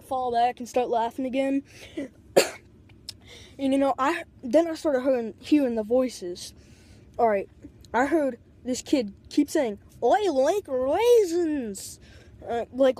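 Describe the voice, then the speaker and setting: A woman telling a rambling, casual story into a tablet mic, filling every pause with "like" and swearing freely. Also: on the high side, warm tone. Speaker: vlogger.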